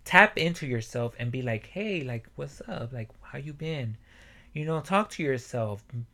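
Young guy doing a solo self-help podcast, cussing nonstop, bright punchy voice, mid pitch. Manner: profane, animated, bursts into yelling. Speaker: podcast host. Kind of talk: motivational podcast monologue.

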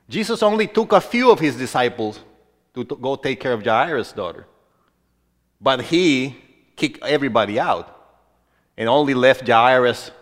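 A man preaching a sermon as a pastor, who moves between hushed storytelling and loud, emphatic exhortation. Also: mid-range voice. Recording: long reverb of a large hall.

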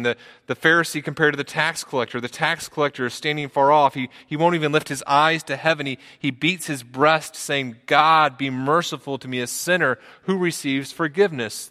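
A man's voice: pushed and bright, big-room sound. A man preaching a sermon as pastor in a church, earnest, often repeating words as he builds a point. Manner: earnest, repeats words, rises in pitch for emphasis.

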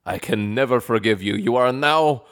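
A man voicing a vengeful warrior who speaks a slow, grave vow. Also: mid-range voice, fairly bright tone, smooth, close to an everyday voice. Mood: grim.

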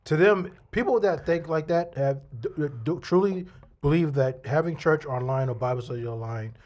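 A man's voice: a little high, moderate pace, darkish tone. A man co-hosting a casual debate about ministry, talking emphatically and insistently.

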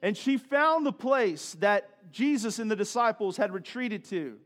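A man's voice: sits high, animated, a little slow, fairly bright tone. A male pastor giving a sermon in a conversational way, with joking asides and questions to the congregation.

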